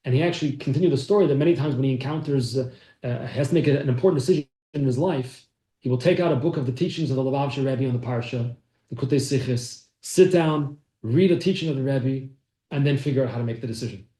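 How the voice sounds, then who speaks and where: A man's voice: medium pitch, fast, warm tone. Man teaching a class in an echoey room. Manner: storytelling, acts out quoted speech. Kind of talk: telling a story in a class.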